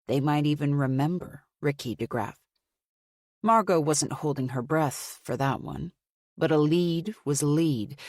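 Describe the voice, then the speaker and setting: A woman reads a suspense novel aloud in a steady, measured way. Her voice sits low, and the recording is close and dry, with no room sound around it. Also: no room sound. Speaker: audiobook narrator. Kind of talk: scripted audiobook narration.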